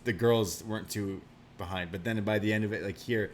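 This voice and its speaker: Man, podcast co-host, casual chat, chatty with easy laughs, lower voice, faint background hiss. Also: fairly even intonation, fairly quick. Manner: chatty, laughs easily, many "like" fillers.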